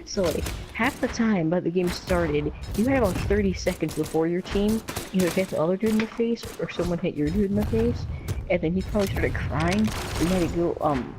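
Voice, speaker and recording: A man's voice: high-pitched, a little fast. A man casually telling a personal story in a rambling way, filling his talk with lots of "like" and "um". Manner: rambling, filler-heavy with lots of "like" and "um". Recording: noisy home recording.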